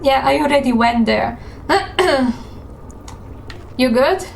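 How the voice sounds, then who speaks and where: Game streamer: a woman with a slightly high voice, slow, chatty delivery full of fillers, faint background hiss. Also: animated, gravelly. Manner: chatty, unhurried, with many fillers and little laughs. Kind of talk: gaming stream commentary.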